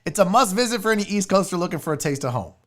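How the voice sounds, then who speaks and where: Racing along in a high-pitched, animated voice with a fairly bright tone, a young man hosts a sports show. His casual livestream rant about food is rowdy and profane, punctuated by mock-angry outbursts.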